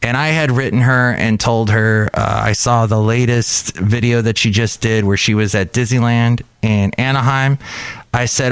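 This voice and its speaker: A man's voice: medium pitch, measured pace, clear, resonant tone, dry recording. A man hosting his own podcast, chatting casually and rambling from one aside to the next. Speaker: podcast host. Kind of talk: casual solo podcast chat.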